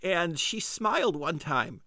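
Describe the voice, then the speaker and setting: A man's voice: fairly high pitch, very animated, takes it slowly, bright, forceful tone, no echo, clean studio sound. A middle-aged man hosting a podcast, telling a casual comedic story in a rambling, self-deprecating way with frequent restarts. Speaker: podcast host.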